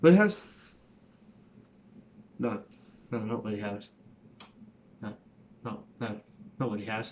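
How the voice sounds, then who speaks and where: A man's voice: mid-range voice, muffled recording. A man rambling casually through an accent tutorial, swearing and interrupting himself. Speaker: vlogger and acting student.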